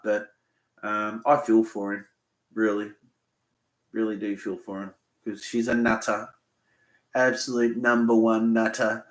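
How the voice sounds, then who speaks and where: A lowish, sharp-toned male voice in a reverberant space: an Australian fishing channel host running a live Q&A chat, rambling and swearing as he tells a story bluntly.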